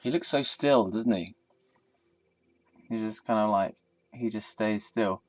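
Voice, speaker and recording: A man's voice: lowish voice, measured pace, no room sound. A tired man rambling casually and self-deprecatingly to a statue while he films. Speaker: vlogger.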